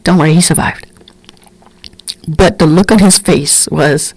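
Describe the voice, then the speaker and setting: A woman's voice: fairly low pitch, brisk, no echo, poor audio. A middle-aged woman, telling candid stories bluntly as a podcast host. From Brooklyn, New York. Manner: candid, blunt, animated storytelling. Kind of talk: casual storytelling monologue.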